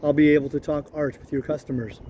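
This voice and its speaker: A man's voice: on the high side, little pitch movement, fast talker, mellow, a little hiss or hum, natural voice. A man reading the lines of a playful young woman teasing her lover in a storybook reading. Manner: light and teasing.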